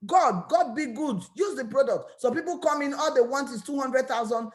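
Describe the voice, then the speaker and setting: A woman with a Nigerian English accent gives an energetic motivational talk about her network marketing business, often repeating and restarting words. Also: high-pitched, moderate pace. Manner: energetic, repetitive, preachy.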